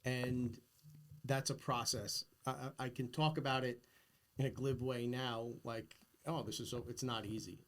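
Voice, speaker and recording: A man's voice: medium pitch, steady tone, a little slow. A middle-aged man hosting a casual podcast conversation, talking earnestly and insistently about big ideas. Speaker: podcast host.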